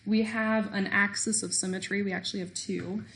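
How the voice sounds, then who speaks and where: A woman's voice: mid-range voice, flat delivery, normal speed, creaky, a bit bright. A woman teaching a recorded math lesson, explaining step by step with small self-deprecating jokes.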